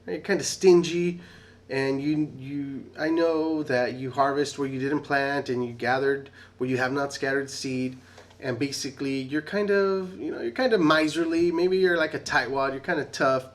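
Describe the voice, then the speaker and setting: A man's voice: mid-range voice, steady tone, normal speed, pitched above the performer's own voice, close to an everyday voice. Man doing a nervous, pleading servant. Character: timid fearful male servant making excuses.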